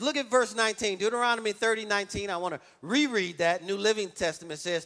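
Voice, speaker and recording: A male pastor delivering a lively sermon, stressing points and calling out to the congregation for response. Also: high-pitched, fast, few pauses. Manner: emphatic call-and-response preaching.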